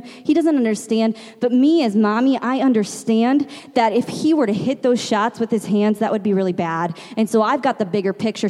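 Brief: woman preacher in her thirties, higher voice, earnest storytelling sermon, hall reverb. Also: dark tone. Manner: earnest, storytelling, rhetorical questions. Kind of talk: conversational sermon with personal story.

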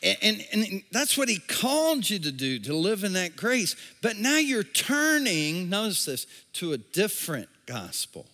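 Long hall reverb fills the recording as a pastor preaches in a movie theater serving as a church. His voice sits high, bright and forceful, sing-song at a measured pace with few pauses. He reads scripture aloud and makes casual asides to the congregation.

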